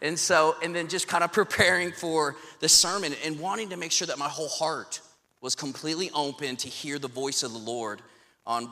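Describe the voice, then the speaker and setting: A man's voice: a little high, normal speed. A man pastor preaching a sermon in a church, casual and joking, telling stories with plenty of fillers. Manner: casual, joking, animated storytelling. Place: church sanctuary. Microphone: handheld mic. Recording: echoey hall, long reverb.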